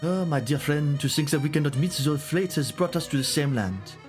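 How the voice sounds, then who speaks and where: A man's voice: a little high, a little fast, faint music behind, pitched above the performer's own voice, natural voice. Male streamer doing a wordy, mournful Frenchman with a theatrical put-on accent. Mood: despairing. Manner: florid, theatrical. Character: melancholy French nobleman, dramatic and wordy.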